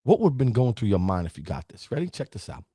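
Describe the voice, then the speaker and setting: A man's voice: on the low side, sing-song, fast, warm tone, husky, no room sound, studio quality. A middle-aged man hosting a live motivational stream, talking straight to his viewers and the chat. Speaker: host of a live positivity show.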